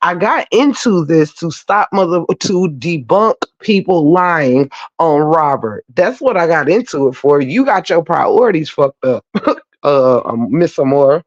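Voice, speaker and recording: A man, hosting his own channel and roasting critics in a profane, taunting, drawn-out sassy rant. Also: a little high, lively intonation. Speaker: channel host. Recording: dull lo-fi stream audio.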